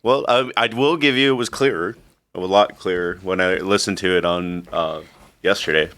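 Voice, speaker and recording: A man's voice: low voice, normal speed, a bit bright. A man hosting a casual podcast chat, easygoing and hesitant with fillers. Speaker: podcast host.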